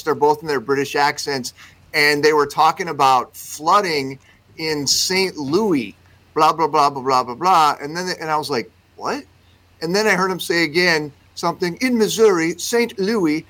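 A man's voice: a little high, moderate pace, sharp tone, low-quality recording. A man chatting on a radio show in an easygoing, amused way. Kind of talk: casual radio banter.

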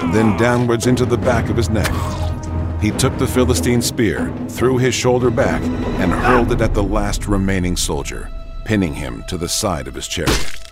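Deep-voiced male story narrator. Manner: measured storytelling. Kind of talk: dramatic scripted narration.

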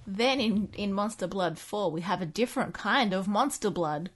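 A woman's voice: mid-range voice, animated, moderate pace. A woman casually recapping books, rambling and sarcastic, with many fillers and asides.

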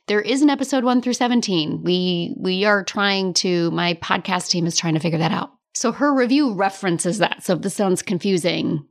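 A woman's voice: lowish voice, fairly quick, few pauses. A woman hosting a solo podcast as a business coach, talking in a chatty, candid way, laughing often and swearing now and then. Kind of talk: casual solo podcast monologue.

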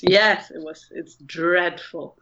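A woman's voice: lowish voice, fairly even intonation, slow pace, a bit bright, muffled recording. A woman from Germany with a German accent, giving blunt, opinionated views as a guest on a chatty podcast. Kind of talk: casual panel chat.

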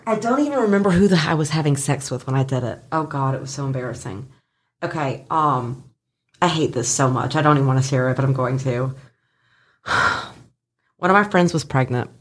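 Woman, former nurse, casual storyteller; animated, profane, mimics voices, laughs often. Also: extremely low pitch, brisk. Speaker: former labor and delivery nurse. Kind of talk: casual chat.

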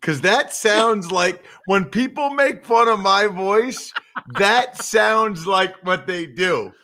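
Brief: male sports podcast co-host, high bright voice, animated and chatty. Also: slow pace, a little hiss or hum. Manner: animated, conversational, self-mocking. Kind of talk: casual sports talk.

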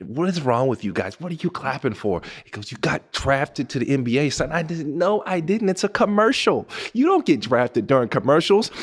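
A man in his thirties from Pasadena, hosting a podcast and telling a story animatedly, swinging between hushed asides and excited outbursts. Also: on the low side. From Pasadena, California. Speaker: podcast host.

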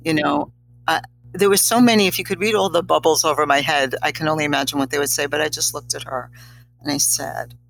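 A woman's voice: sits low, a little fast, vocal fry, a little hiss or hum, poor audio. A middle-aged woman, a guest on an interview show, telling a personal story in a reflective, slightly teary way. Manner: emotional, reflective, a little teary.

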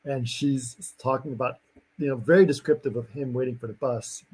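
A man's voice: mid-range voice, steady tone, moderate pace, darkish tone, breathy edge, low-quality recording. A man in casual chat, rambling through a movie plot with lots of fillers and acted-out lines. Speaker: podcast co-host recapping a movie.

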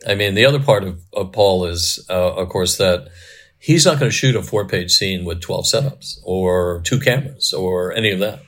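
A man's voice: low voice, moderate pace, a bit bright. A middle-aged man, a cinematographer guest, telling rambling anecdotes in casual interview chat.

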